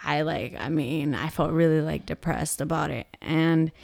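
A woman's voice: deep voice, steady tone, moderate pace, creaky, darkish tone, no echo, clean studio sound. A woman in her thirties, a mother co-hosting a vlog, talking earnestly and openly about her feelings with many casual fillers. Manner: earnest and open, with frequent fillers. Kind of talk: candid personal vlog talk.

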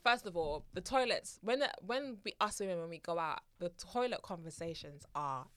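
A woman in her thirties chats casually as a podcast co-host. Her voice is bright and bouncy, rising and falling freely. She often breaks into laughter and stumbles over her words, recorded close and dry. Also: lowish voice, lively intonation, moderate pace, dry recording. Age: 30s. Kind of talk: casual chat.

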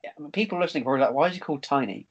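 A young man hosting a podcast, chatty, excitable and quick. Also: a little high, husky, highs cut off. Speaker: podcast host. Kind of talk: casual chat.

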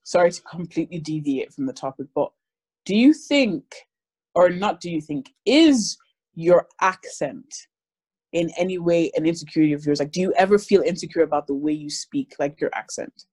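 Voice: mid-range voice, lively intonation, normal speed, a little mellow, breathy edge, dry recording. A young person from Ireland with a mixed Irish and British accent, asking questions in a casual, rambling conversation. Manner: rambling, self-correcting. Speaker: interviewer.

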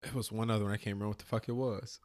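Animated middle-aged man telling road stories. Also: lowish voice, very fast. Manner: animated storytelling, acts out quotes. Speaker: podcast co-host. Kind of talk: casual profane chat.

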